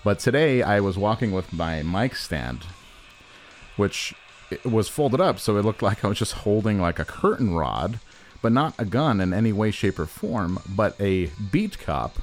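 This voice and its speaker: A male podcast co-host rambling through stories in loose, jokey chat. His pitch swings widely as he talks, with faint music behind. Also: animated, moderate pace. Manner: rambling, jokey, jumps into silly voices. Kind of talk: casual comedic chat.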